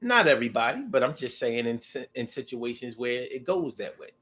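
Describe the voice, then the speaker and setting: A man talking in a casual, rambling monologue, animated and profane, to his own audience. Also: mid-range voice, a little fast. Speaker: vlogger.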